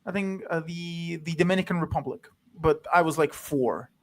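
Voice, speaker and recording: A man speaking as a guest in a casual chat about a film, halting and loose, full of fillers and restarts. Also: on the high side.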